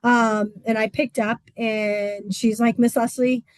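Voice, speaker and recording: A woman's voice: fairly high pitch, flat delivery, takes it slowly, smooth, no echo, low-quality recording. Chatty woman swim instructor. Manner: chatty, with frequent "um" fillers. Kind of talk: casual informational talk.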